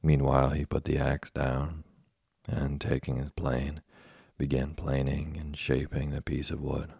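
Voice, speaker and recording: A man reading a classic children's story aloud as a slow, soft, monotone sleep story. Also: extremely low pitch, creaky, breathy edge, dry recording, clean studio sound. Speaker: narrator. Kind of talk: scripted sleep story narration.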